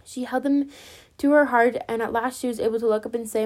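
Fairly high-voiced woman reading a story. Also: steady tone, brisk. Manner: gentle, addresses listeners as friends.

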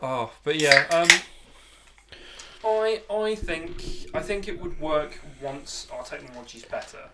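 A podcast co-host speaking in brief, hesitant replies in casual chat. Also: male voice, a little high, expressive, slow, a bit bright. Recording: noisy with dish clatter.

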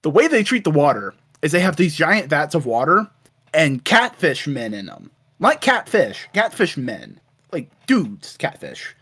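A man's voice: fairly high pitch, very animated, normal speed, fairly bright tone. A man co-hosting a casual chat, animatedly retelling a cartoon with lots of swearing. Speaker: podcast co-host.

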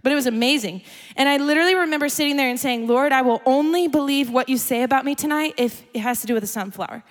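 Woman, young adult, high voice, chatty sermon storytelling, long hall reverb. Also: quick pace. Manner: chatty, animated, laughs often. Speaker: speaker. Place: church gathering hall.

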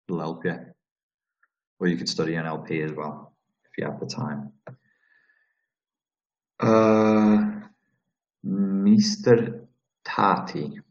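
The recording is roomy and dull with a lo-fi quality as a Scouse-accented man from Liverpool, speaking low with vocal fry, takes viewer questions on a live stream. He answers in a blunt, profane, rambling way, often restarting.

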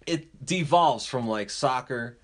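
A man in his thirties, animated and jokey, telling a childhood story in a casual podcast chat. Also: mid-range voice, takes it slowly. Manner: animated, jokey, laughs a lot.

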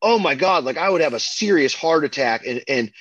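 A man co-hosting a podcast, chatting casually and excitedly about a film, full of fillers and restarts. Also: a little high, brisk, dry recording, dull audio. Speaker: podcast co-host.

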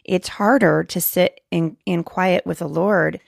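A woman's voice: lowish voice, fairly even intonation, unhurried, vocal fry, no echo, studio quality. A woman hosting a faith-based parenting podcast, chatting in an earnest, encouraging way with fillers and restarts. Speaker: podcast host. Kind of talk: casual chat.

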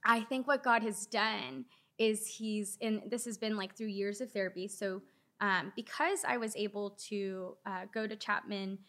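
A young adult woman giving a candid personal faith testimony as a guest, earnest and halting with many fillers. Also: medium pitch, steady tone, pushed and bright. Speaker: guest sharing her story.

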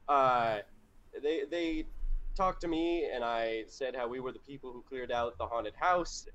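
A man playing in a tabletop game, speaking in character with an expressive, theatrical delivery. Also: medium pitch, highs cut off. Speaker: player. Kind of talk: in-character tabletop role-play.

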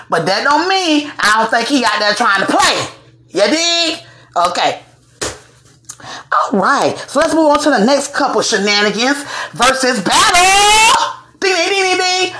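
A woman hosting a celebrity gossip show, talking in a sassy, animated way and bursting into shouts. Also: on the high side, slight background noise. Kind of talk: casual gossip commentary. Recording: echoey room.

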